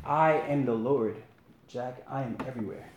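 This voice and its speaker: A man voicing God as a calm, patient presence, speaking softly and low in a roomy space. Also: muffled recording, a little hiss or hum, natural voice. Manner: slow, soft, low and gentle.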